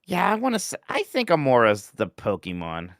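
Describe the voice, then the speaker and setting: A man's voice: mid-range voice, wildly swooping pitch, a little fast, dry recording, studio quality. A man co-hosting a podcast, chatting in a casual, self-deprecating way. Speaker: podcast co-host.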